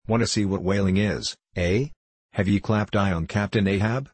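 A man voicing a gruff, suspicious old Quaker whaling captain in an audiobook, speaking bluntly in old-fashioned thee-and-thou speech. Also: lowish voice, fairly even intonation, moderate pace, no room sound. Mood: stern. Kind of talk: audiobook character reading.

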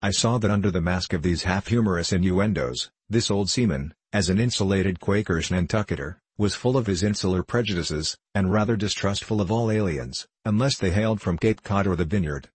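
A man narrating a classic novel as an audiobook in a measured, unhurried literary reading. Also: low voice, slightly rough, dry recording.

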